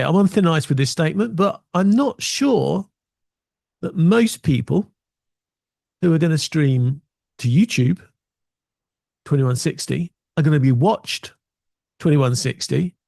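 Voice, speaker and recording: A man's voice: on the high side, gravelly, a little mellow, no echo. A man giving casual, opinionated tech talk from his small home studio, full of wry asides. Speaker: video tech presenter.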